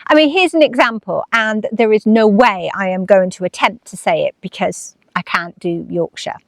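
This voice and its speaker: A woman's voice: medium pitch, normal speed, gravelly, no echo. Chatty woman vlogger with dry close sound. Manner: chatty, acts out her own inner voices. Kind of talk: casual chat.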